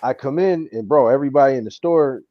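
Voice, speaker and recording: A man hosting a casual chat, telling stories in an animated way and saying "bro" a lot. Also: medium pitch, fast talker, no echo, muffled recording. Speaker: show host.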